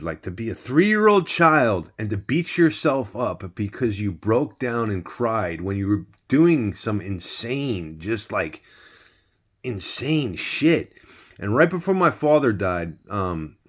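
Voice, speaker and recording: A man casually telling a personal story, rambling with many restarts and some swearing. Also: on the low side.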